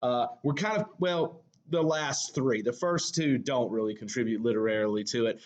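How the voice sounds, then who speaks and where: A male high school English teacher with a Southern US accent gives a recorded lecture, speaking conversationally with lots of fillers and self-corrections. His voice is medium-pitched at a normal speed, and the audio sounds dull.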